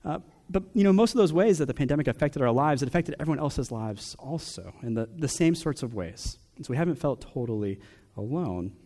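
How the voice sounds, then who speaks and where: A young adult man preaching a personal sermon, asking question after question with long pauses. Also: on the high side, expressive, dark tone. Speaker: pastor.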